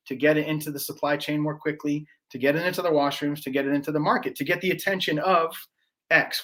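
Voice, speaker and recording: Podcast guest, male, higher-pitched, loose and profane, rambling delivery with lots of restarts. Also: pushed and bright. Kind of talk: casual conversational storytelling.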